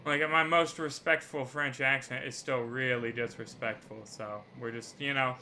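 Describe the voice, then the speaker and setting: A man with a mid-range voice runs a tabletop game as game master, joking around and explaining the rules at a moderate pace with few pauses. He comes across animated, jokey and rules-minded. It's a live stream with faint background noise.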